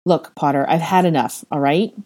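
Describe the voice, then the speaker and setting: A woman's voice: low voice, normal speed, warm tone. A woman reading a sour, defensive young male aristocrat who talks in a curt, snapping way.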